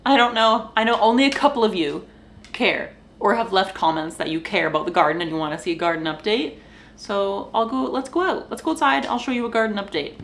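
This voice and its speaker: A woman's voice: mid-range voice, brisk, a bit bright, a little hiss or hum. A young woman vlogger in casual, rambling chat to the camera from her kitchen floor at home, sighing now and then. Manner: rambling, sighing and laughing, talking to her dogs.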